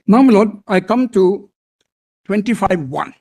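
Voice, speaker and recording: Before a court bench, a man with an Indian English accent builds his legal point in measured, deferential advocacy, addressing the judges again and again. His voice is fairly high for a man, expressive, gravelly and darkish in tone.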